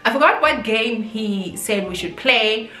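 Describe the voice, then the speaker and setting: A woman's voice: on the high side, expressive, a little slow, bright, forceful tone. A young woman from South Africa with a South African accent, chatting expressively to her viewers in a casual storytime vlog. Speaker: YouTuber. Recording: roomy echo, faint background music.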